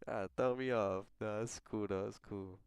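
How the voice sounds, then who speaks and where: Young man, casual livestream host, slangy, laid-back, smooth clear voice, dry close sound. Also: lowish voice, fairly even intonation, normal speed, no room sound. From United States. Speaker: livestream host reading chat.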